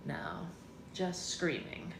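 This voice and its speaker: A woman's voice: on the low side, very animated, drawn-out words, creaky. A woman hosting a casual livestream read-along at home, chatting and laughing while talking to her baby and to viewers. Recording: roomy with noisy background.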